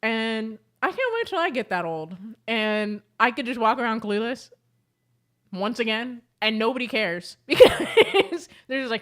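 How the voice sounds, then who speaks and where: A young adult woman chatting casually to camera as a beauty vlogger, telling animated stories with lots of fillers. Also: fairly high pitch, measured pace.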